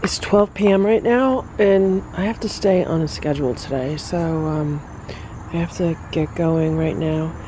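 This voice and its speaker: A cat vlogger narrating a casual home vlog in a calm, matter-of-fact way, filming around the house and yard. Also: medium pitch, unhurried, slight background noise.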